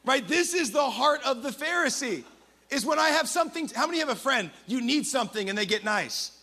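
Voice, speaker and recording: A man preaching in a very high voice with a gravelly edge and a bright, forceful tone. He delivers his sermon energetically and with humor. He keeps it conversational, with quick asides. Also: lively intonation. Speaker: pastor.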